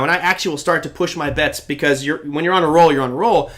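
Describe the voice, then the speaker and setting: A man's voice: on the high side, fast, a bit bright. A man in his forties hosting a live trading show, answering chat questions bluntly and acting out quoted reactions.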